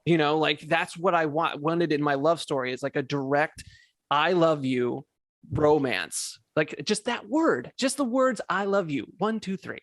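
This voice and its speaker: A man's voice: a little high, measured pace, fairly bright tone, dry recording. Rambling, emphatic man host, dry sound. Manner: rambling, emphatic, swears, stumbles over words. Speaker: podcast host. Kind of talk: casual chat.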